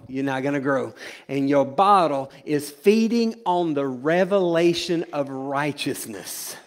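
Pastor guy preaching in church, high voice, gets loud then goes low and jokey. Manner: swings from loud preaching to low, joking asides. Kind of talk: sermon. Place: church sanctuary.

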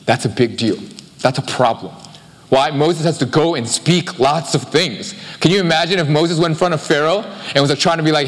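A male pastor preaching a sermon in a conversational, animated way, with quick offhand asides. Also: on the high side. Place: church sanctuary. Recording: live-streamed sermon with long hall reverb.

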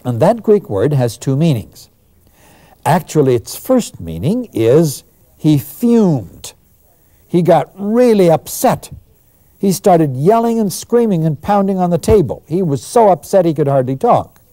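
A man giving a lecture on the New Testament, telling the story with animated emphasis. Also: fairly high pitch, measured pace, no echo, studio quality.

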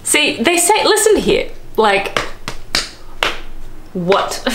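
A woman's voice: on the high side, big pitch swings, very slow, background noise. A young Australian woman chatting casually to camera as a vlogger, laughing often and drifting into asides.

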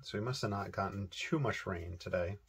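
Man, fairly low voice, easygoing art teacher thinking aloud as he paints. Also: fairly quick, gravelly, husky. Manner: casual, rambling, thinking aloud while painting. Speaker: watercolor painting instructor. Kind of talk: relaxed painting tutorial.

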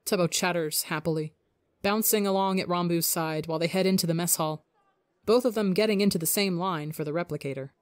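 Woman reading a story aloud, fairly low voice, dry close sound. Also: brisk, no echo. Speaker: audiobook narrator. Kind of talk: reading fan fiction aloud.

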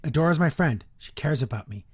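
A man's voice: a little high, expressive, a little fast, breathy edge, no echo, clean studio sound. A male podcast host reading a book aloud and reviewing it in a chatty, rambling way, restarting often.

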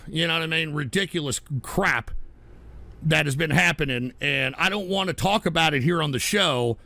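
Profane high-voiced ranting male streamer. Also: creaky, dry recording. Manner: profane, heated, swings into shouting. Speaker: livestream host reading donation messages. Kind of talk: angry ranting livestream talk.

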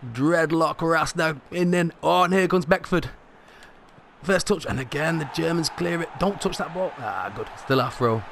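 A man commentating his own football video game match as he plays, excitable and rising sharply in pitch at big moments. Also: normal speed, gravelly, slight background noise. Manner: excitable, rises sharply at goals. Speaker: gaming commentator.

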